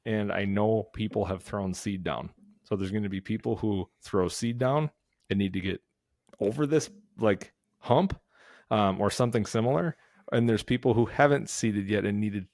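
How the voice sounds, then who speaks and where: A man's voice: on the low side, creaky, a little mellow, dry recording, clean studio sound. A man hosting a lawn care show, explaining the steps casually, one by one, with frequent filler words. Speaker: lawn care podcast host. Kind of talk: casual instructional talk.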